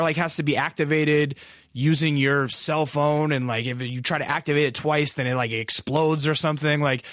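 A man's voice: on the high side, a bit bright, no echo, clean studio sound. A man telling a long story in casual, rambling speech, full of profanity and self-deprecating asides.

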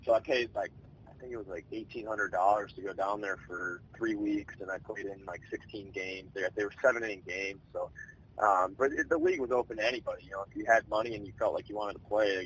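A man in his twenties, a baseball player, telling his story in a relaxed, rambling way with many fillers. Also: lowish voice, a little hiss or hum, rough recording. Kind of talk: casual storytelling interview.

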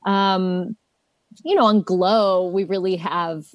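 A woman's voice: medium pitch, fairly even intonation, slow, no room sound, muffled recording. A woman actress chatting as an interview guest, playful and laughing often. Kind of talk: casual interview chat.

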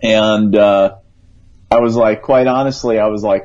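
A man with a lowish, a little slow, slightly mellow voice and fairly even intonation is a guest psychic on a call-in radio show. He tells a story in an earnest, rambling, conversational way, quoting his own thoughts aloud, and the recording has a dull lo-fi radio sound.

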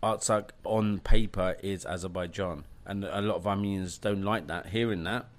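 Guest: British-raised man, lowish voice, blunt and animated, casual podcast talk over a call. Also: normal speed. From United Kingdom. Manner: blunt, animated storytelling with laughs. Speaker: documentary filmmaker guest.

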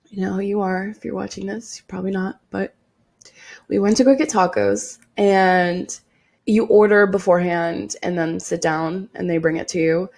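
A woman in her twenties hosting a casual solo podcast, hoarse and raspy from losing her voice, talking bluntly and swearing freely. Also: mid-range voice, darkish tone. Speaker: podcast host.

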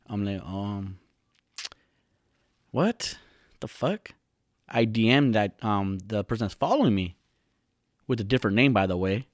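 A man rambles through a personal story in an easy, unpolished way, cursing often and sliding up into excited high bursts before dropping back to a low murmur. His voice sits at an ordinary pitch and sounds dry and close, with almost no room around it. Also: no echo. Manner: animated, swearing, rises high when retelling. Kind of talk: casual storytelling monologue.

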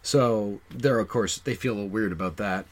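A man co-hosting a podcast, casually talking through a movie's plot and swinging loud for emphasis. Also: fairly low pitch, moderate pace. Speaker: podcast co-host. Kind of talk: casual film discussion.

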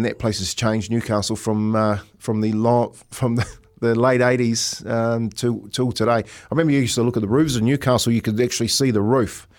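A man's voice: mid-range voice, a little mellow. A middle-aged man from New Zealand, a podcast co-host telling stories in casual chat, rambling with many restarts.

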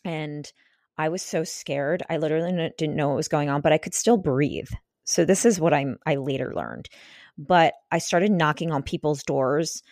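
A woman in her thirties hosts her podcast solo, talking in a casual, rambling way full of fillers and restarts. Her voice sits low for a woman, and the sound is dry and close with no room around it. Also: moderate pace, a little mellow, no echo. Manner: chatty storytelling with many fillers and restarts. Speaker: podcast host.

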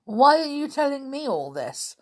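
A woman's voice: fairly low pitch, lively intonation, slow pace. Woman doing a stern, scornful uncle. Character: stern scornful middle-aged male scientist.

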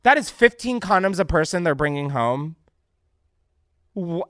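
Young male podcast host, sarcastic and foul-mouthed, pitch jumping all over, dry close sound. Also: measured pace, long pauses, no room sound. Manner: animated, sarcastic, swears freely, breaks into laughter. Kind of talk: casual comedic news chat.

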